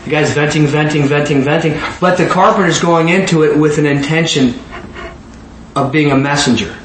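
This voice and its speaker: Animated man preaching in an echoey room. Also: a little high, normal speed, a little hiss or hum. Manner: animated, repeats words, acts out the people in his stories. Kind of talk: storytelling sermon.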